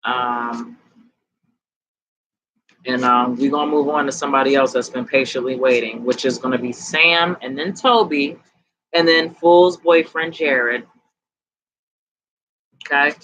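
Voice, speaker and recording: A woman giving tarot readings on a casual live stream, chatting in a relaxed, slangy way, tired and sweaty. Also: extremely low pitch, a little slow, long pauses, rough recording. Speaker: tarot reader.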